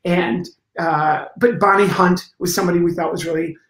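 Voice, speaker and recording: Middle-aged male comic, lively raconteur, acts out the scenes, roomy echo on the track. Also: high-pitched, moderate pace. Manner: lively storyteller, acts out scenes and sound effects. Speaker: guest comedian. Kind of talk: storytelling in a conversation.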